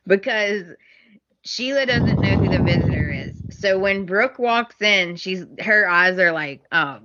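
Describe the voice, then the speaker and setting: A bright-toned woman, speaking slowly and leaning into the characters' lines as she recaps a soap opera. The recording sounds a little dull and muffled. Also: fairly low pitch. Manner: animated, acts out characters' lines, laughs often. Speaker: podcast co-host.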